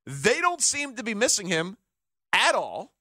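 Lively male co-host, bright and animated, high-pitched. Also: a little slow, dry recording, studio quality. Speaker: sports talk co-host. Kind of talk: casual radio chat.

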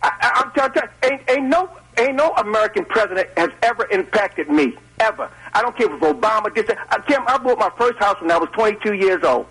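An older man calls in to a radio show, folksy and argumentative. His voice is husky yet pitched fairly high for a man. He comes through a phone line. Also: lively intonation, fairly quick, few pauses, fairly bright tone. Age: 70s. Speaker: caller. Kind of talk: call-in radio debate.

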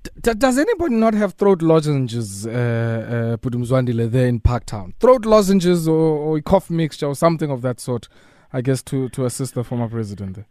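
A man's voice: medium pitch, very animated, brisk, darkish tone, no room sound, studio quality. A man hosting a radio talk show, switching between isiZulu and English and dropping in short interjections.

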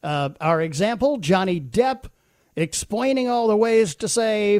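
A man's voice: high voice, expressive, a little slow, a little mellow, dry recording, clean studio sound. A man hosting a talk show, chatty with many fillers. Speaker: radio talk host. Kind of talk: casual chat with bits.

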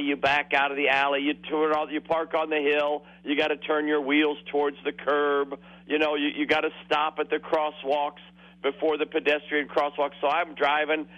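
A man's voice: a little high, bright, forceful tone. A man in his sixties calling a radio show, telling rambling stories and laughing through them. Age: 60s. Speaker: caller. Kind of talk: phone-in storytelling. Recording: muffled phone line on the radio.

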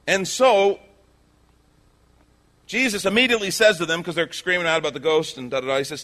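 A male pastor preaching a sermon, telling the story with animated energy and acting out the characters' lines. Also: high-pitched, rapid-fire. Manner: animated storytelling, acts out quotes.

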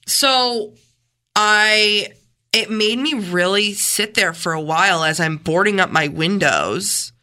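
A woman co-hosting a morning radio show, talking in an animated, emphatic, earnest way. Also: mid-range voice, slow. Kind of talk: casual radio chat. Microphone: studio microphone.

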